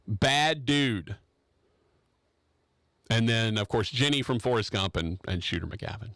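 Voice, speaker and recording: A man's voice: fairly low pitch, a bit bright, dry recording. Man, radio talk show host, studio mic, dry close sound, casual opinionated chat, rambling jokey delivery. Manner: rambling, joking, opinionated, with frequent restarts.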